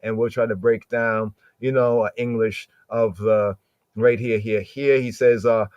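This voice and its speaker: A man's voice: on the low side, little pitch movement, a little slow, darkish tone, clean tone, no echo, muffled recording. A man hosting a podcast, teaching scripture in a loose conversational way and repeating words for emphasis. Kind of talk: casual Bible teaching talk.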